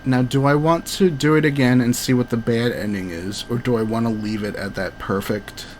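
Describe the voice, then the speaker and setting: A man's voice: medium pitch, moderate pace, a little hiss or hum, low-quality recording. A man giving casual, joking commentary while streaming a game, swearing and laughing easily.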